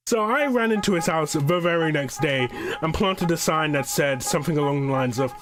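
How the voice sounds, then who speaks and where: A man's voice: fairly high pitch, expressive, normal speed, fairly bright tone. A young man telling a gaming story to his channel in a rambling way, swearing and stumbling over his words. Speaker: YouTuber. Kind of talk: casual storytime narration. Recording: background music under voice-over.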